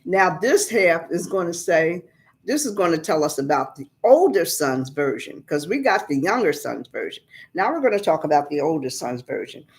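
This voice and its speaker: A woman's voice: low-pitched, sing-song, moderate pace, darkish tone. A woman preacher giving a conversational Bible lesson, explaining scripture in plain everyday words.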